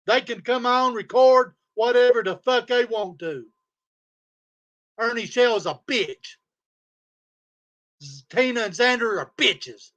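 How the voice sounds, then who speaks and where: A man's voice: very high-pitched, slow, pauses often, a bit bright, lo-fi sound. A man on a livestream, ranting in a heated, profane way and repeating his insults. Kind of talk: angry livestream rant. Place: home studio.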